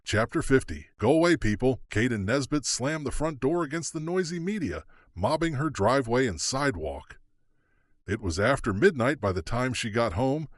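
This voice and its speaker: A man's voice: medium pitch, no echo, clean studio sound. A man narrating an audiobook thriller dramatically, his pacing shifting with the action. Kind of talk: scripted narration.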